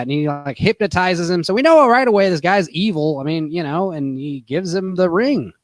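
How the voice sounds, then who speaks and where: A man's voice: fairly high pitch, no echo. A young man casually recapping a movie on a stream, rambling and profane with lots of fillers. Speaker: podcast host.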